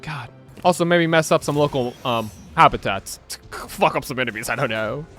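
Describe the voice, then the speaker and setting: A man's voice: mid-range voice, normal speed, a bit bright, faint music behind. A young man rambling through casual gameplay commentary, laughing often and tossing in slang and "right?" as he talks. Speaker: gaming YouTuber.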